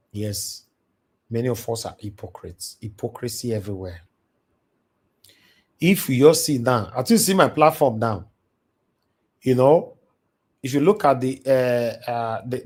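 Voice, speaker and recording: A man's voice: mid-range voice, darkish tone, breathy edge. Preachy Nigerian man hosting a live stream. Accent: Nigerian, with Pidgin. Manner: preachy, repetitive, mixing English and Pidgin. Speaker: livestream host. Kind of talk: impassioned live-stream monologue. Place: alone in a large house. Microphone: computer mic on a live stream.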